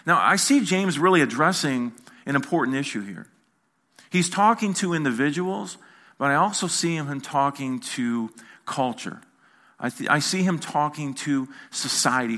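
Bright-voiced middle-aged man preaching. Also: fairly high pitch. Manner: animated storytelling with playful asides to the congregation. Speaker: pastor. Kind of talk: sermon. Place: church sanctuary.

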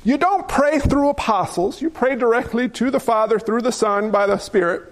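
A man with a notably high voice delivering a sermon. He preaches with a playful streak, tossing in jokey asides and rhetorical questions to the congregation. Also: moderate pace. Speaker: pastor.

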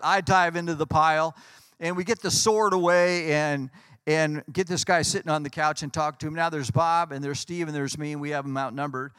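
A man, a pastor, telling lively anecdotes in conversation and acting out what people said. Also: on the high side, dry recording. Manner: animated anecdotes, acts out quotes. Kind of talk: storytelling in a conversation.

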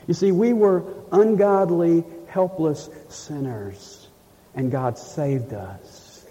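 Pastor guy preaching, kinda high but really dark mellow tone, lo-fi echoey church sound. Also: lively intonation. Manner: emphatic preaching, slows down for scripture quotes. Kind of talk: sermon. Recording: dull, lo-fi sound with long reverb in a hall.

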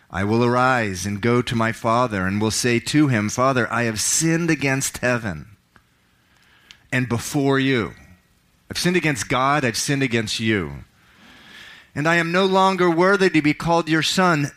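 A man, a pastor, preaching a sermon in church, reading scripture with dramatic swells and hushed drops. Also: fairly low pitch. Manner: dramatic, swells up on key words and drops to a hush.

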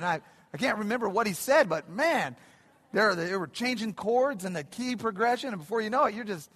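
A middle-aged man preaching a sermon in a church, animated and building to excited peaks, often repeating phrases. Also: high-pitched, a little fast. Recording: long hall reverb.

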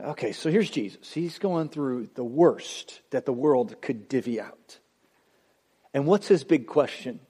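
A man preaching a sermon as pastor, swinging between loud passionate peaks and hushed low passages. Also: animated, unhurried, slightly rough. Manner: dramatic preaching, voice rising and dropping sharply. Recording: long hall reverb.

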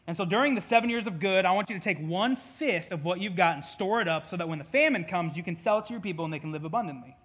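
A male preacher voicing the biblical Joseph giving solemn counsel in a slower, lowered tone. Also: lively intonation, fairly bright tone, breathy edge, heavily acted. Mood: earnest.

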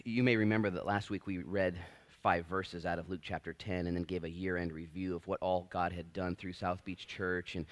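A man preaching a sermon as pastor, animated and acting out the voices in his stories. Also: deep voice.

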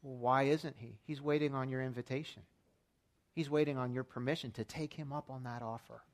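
A man's voice: mid-range voice, fairly even intonation, a little fast. A man preaching a sermon as pastor, telling stories in a casual, lightly humorous way. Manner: conversational storytelling with light humor.

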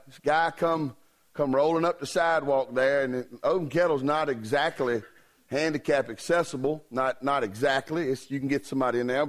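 A man, a revival preacher telling a joke story in a folksy, joking way. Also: mid-range voice. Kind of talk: humorous sermon storytelling.

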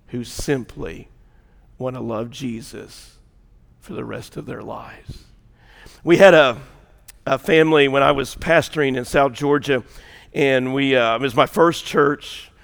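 A male pastor preaching an impassioned sermon, rising loud and dropping to a hush. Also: medium pitch, gravelly, in a large hall. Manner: impassioned, swings between loud and hushed.

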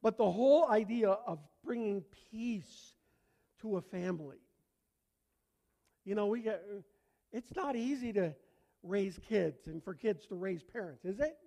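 A man's voice: high-pitched, expressive, unhurried, vocal fry, pauses often, mellow. An older man with a Canadian accent preaching a sermon to a congregation, talking in a conversational, joking way and asking the room to answer back. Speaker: pastor. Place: church before a congregation.

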